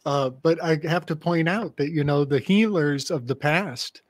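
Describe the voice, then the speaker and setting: A man speaks on a live panel in a slow, careful way, pausing as he picks his words. His voice sits slightly high for a man. The sound is close and dry. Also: dry recording.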